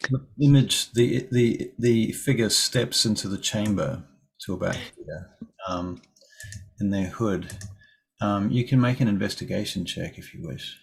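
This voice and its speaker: Game master, male, low and unhurried, husky, halting narration. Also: slight background noise. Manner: halting narration with fillers and repeats.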